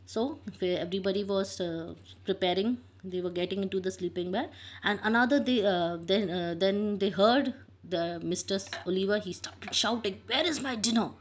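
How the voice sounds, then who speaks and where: A woman teacher, retelling a story line by line and stopping to define words, with halting restarts. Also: medium pitch. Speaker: English teacher. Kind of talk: retelling and explaining a story lesson.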